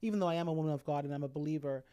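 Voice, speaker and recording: A middle-aged woman speaking candidly and reflectively about a personal experience, with pauses and restarts. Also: deep voice, dark tone, clean tone. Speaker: speaker sharing a personal story. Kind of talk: intimate personal talk.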